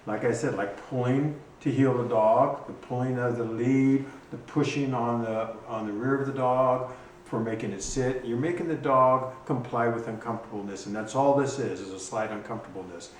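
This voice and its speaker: A man who trains hunting dogs explains his gear in a casual instructional video, talking haltingly with frequent ums and restarts. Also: mid-range voice. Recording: echoey room, distant mic, faint noise.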